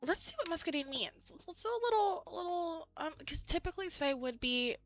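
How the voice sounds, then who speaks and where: A woman's voice: extremely high pitch, lively intonation, fairly quick, soft background music. A woman streaming live, chatting casually with viewers in a rambling, giggly way, full of "like".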